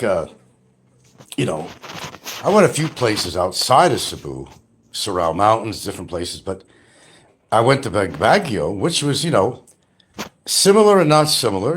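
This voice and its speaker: Here a retired older man rambles casually on his livestream, swearing bluntly, making fun of people, and laughing a lot. His slightly rough, lowish voice swings widely in pitch at a moderate pace.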